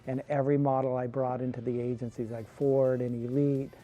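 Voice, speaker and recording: A man's voice: medium pitch, flat delivery, fairly quick, mellow. A man from California, a guest telling long rambling stories in a casual interview, leaning on "like" as he goes. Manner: rambling anecdotes with frequent "like". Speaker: guest, photographer.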